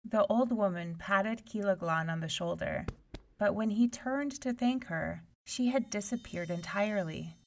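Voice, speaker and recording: A woman reading a fairy tale aloud in an expressive, animated storytelling style. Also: medium pitch, a little slow, vocal fry, a little hiss or hum.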